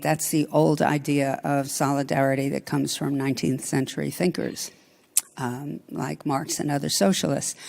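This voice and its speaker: A woman's voice: on the low side, creaky. A woman giving an academic conference talk, thinking aloud with frequent ums and self-corrections. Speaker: conference speaker. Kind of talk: academic lecture. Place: lecture hall. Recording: reverberant lecture hall.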